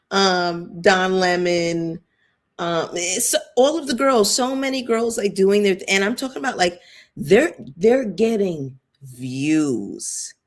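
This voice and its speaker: A woman hosting a casual live-chat commentary stream, chatting loosely with frequent fillers, shout-outs and asides to viewers. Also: mid-range voice, slow. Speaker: YouTube commentary host.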